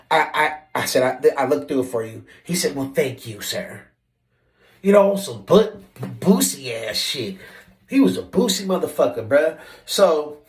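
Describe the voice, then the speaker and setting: A man telling a story from his old job in a casual, animated and profane way, acting out what people said. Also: mid-range voice, echoey room. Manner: animated, profane, acts out quotes with shifting voice. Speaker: vlogger telling a work story.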